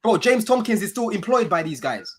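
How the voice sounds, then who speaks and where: A man's voice: high voice, very animated, a little fast. A man on a football panel, teasing his rivals and repeating himself as he talks over them. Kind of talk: heated football panel banter.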